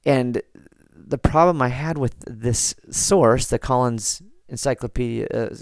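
An American man hosting a podcast, reading listener comments and chatting in a relaxed, rambling way with frequent restarts. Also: medium pitch, unhurried, no room sound, clean studio sound. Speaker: podcast host.

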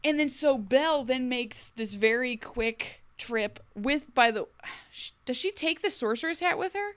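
A young woman co-hosting a podcast, recapping a TV show in casual chat and acting out characters in quick asides. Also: high-pitched, animated, clear, resonant tone, no echo. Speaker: podcast co-host.

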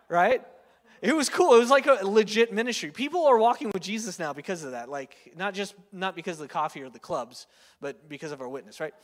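A man's voice: high voice, animated, fairly quick. A man in his thirties preaching a sermon in a chatty storytelling way, full of fillers and "right?" tag questions. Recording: long hall reverb.

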